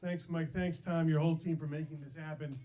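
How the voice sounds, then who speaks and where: A man's voice: a little high, steady tone, fairly quick, dark tone, slight background noise. A male emcee at a live comedy show, upbeat and teasing as he talks to a comedian on a video call.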